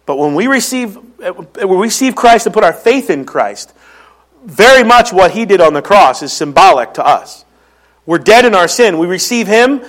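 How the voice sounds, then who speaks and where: A man's voice: sits high, expressive, moderate pace, fairly bright tone. A man with a Philadelphia accent preaching a sermon, earnestly teaching and explaining scripture verses to his congregation. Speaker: pastor.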